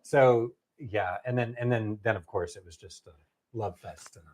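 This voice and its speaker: A man, a novelist, telling a long story in casual conversation, animated and halting with many fillers and restarts. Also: lowish voice. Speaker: novelist guest.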